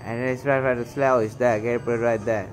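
A man's voice: mid-range voice, flat delivery, brisk, faint music behind. A store cashier, a man, narrating security footage with heated, indignant commentary and name-calling. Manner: indignant, heated, calls people names. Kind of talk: angry commentary over video.

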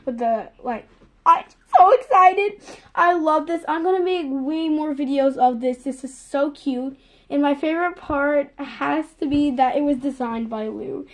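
A young woman filming a casual unboxing vlog, gushing and excitable, piling up "literally" and "so excited". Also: sits high, measured pace. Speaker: vlogger.

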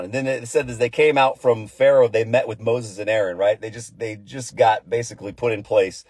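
A man leads a relaxed devotional Bible study, paraphrasing scripture in everyday slang. His voice is somewhat husky at a middling pitch. The recording is close and dry. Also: moderate pace, no echo. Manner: retells scripture in lively modern slang. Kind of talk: casual devotional Bible teaching.

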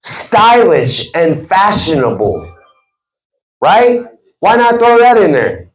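A man whose voice sits high addresses his sales team slowly and very animatedly. His motivational talk has an emphatic, preacherly cadence, recorded in an echoey team meeting room.

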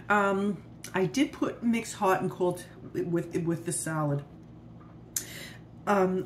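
A woman talks her viewers through a casual home-cooked dinner, chatting as she cooks and then eating on camera. She is pleased with her own cooking and sometimes talks with her mouth full. Faint kitchen noise sits behind her voice. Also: mid-range voice. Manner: chatty, self-praising, eats on camera while talking.

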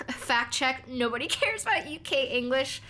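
A young North American woman chats casually while streaming a game, her high voice animated, pushed, and bright at normal speed. She rambles with restarts and frequent giggles, and her voice cracks.

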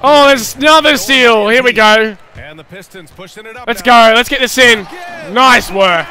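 A man commentating his own basketball video game, cheering plays loudly and chatting casually to viewers. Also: extremely high pitch, takes it slowly. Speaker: gaming YouTuber. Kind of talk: live gameplay commentary.

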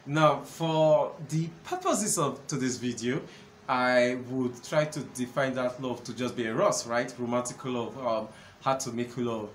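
A man hosting a solo talk on relationships, earnest and conversational, often pausing with fillers. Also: medium pitch. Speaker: host, counselor. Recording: echoey room with faint background noise.

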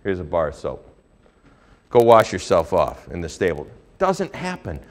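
A male pastor preaching a sermon, telling a Bible story with lively swings between hushed and loud delivery. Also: low-pitched, moderate pace.

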